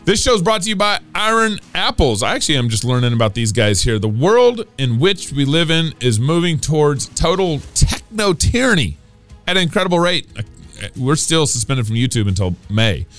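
A man's voice: a little high, sing-song, moderate pace, a bit bright, faint music behind. A man hosting a comedy podcast, rambling playfully and poking fun at himself. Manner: playful, rambling, self-mocking. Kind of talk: joking commentary.

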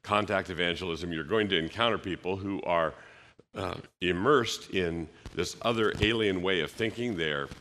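A man's voice: low-pitched, moderate pace, sharp tone. A man giving a conference talk, conversational, with frequent fillers and restarts, acting out bits of dialogue. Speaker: conference speaker.

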